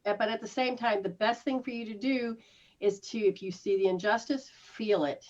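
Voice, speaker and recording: A woman's voice: mid-range voice, fairly even intonation, normal speed, darkish tone, lo-fi sound. A woman healer coaching someone one-on-one in a casual way, acting out reactions with gasps and laughs. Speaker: spiritual healer giving live sessions.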